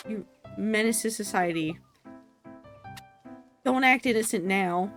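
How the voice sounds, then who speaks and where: A woman's voice: medium pitch, slow, pauses often, fairly bright tone, faint music behind. A young woman streaming a game, chatting casually with playful, mock-exasperated remarks.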